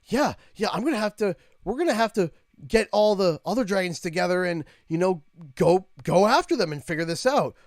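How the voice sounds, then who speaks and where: A man's voice: high-pitched, lively intonation, a little fast, dry recording, studio quality. A Canadian man voicing a restless young male dragon hero who gets bored easily, with a laid-back, whiny drawl. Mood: eager.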